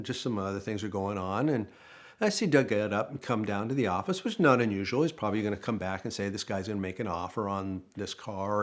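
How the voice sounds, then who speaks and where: An older man, a former car dealership manager, telling a story casually and acting out the dialogue as he goes. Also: on the low side. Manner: animated storytelling, acts out quoted dialogue. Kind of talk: casual anecdote.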